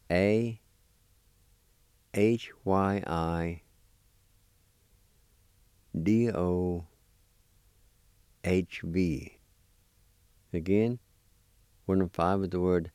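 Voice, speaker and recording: Slow, deep-voiced man drilling pronunciation. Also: mellow, clear, resonant tone, dry recording, studio quality. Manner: patient, encouraging, repeats each word slowly. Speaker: language teacher.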